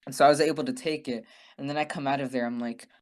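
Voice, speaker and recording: Profane, animated young man telling a story. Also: medium pitch, quick pace. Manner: profane, animated, acts out quoted people. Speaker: podcast co-host. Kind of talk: casual storytelling.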